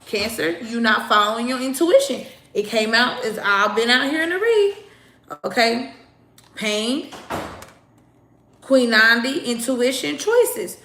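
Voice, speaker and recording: A woman's voice: a little high, measured pace, pauses often, sharp tone, echoey room, a little hiss or hum. A woman doing a casual tarot reading, talking bluntly and chattily straight to her viewers, sometimes swearing. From United States. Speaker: tarot reader.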